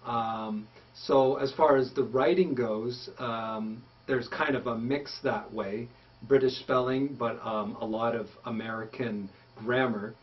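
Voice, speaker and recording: A man with a Canadian accent giving a casual English lesson, relaxed and friendly, with many ums and repeated words. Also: mid-range voice, takes it slowly. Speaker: English teacher. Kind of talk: casual video lesson answering a question. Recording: dull lo-fi sound, mic a bit distant.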